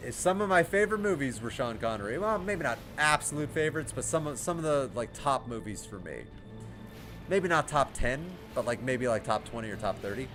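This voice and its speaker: A man's voice: medium pitch, lively intonation, moderate pace, music in the background. A man with an American accent giving casual gameplay commentary, chatty and self-deprecating, often laughing. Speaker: gaming livestreamer.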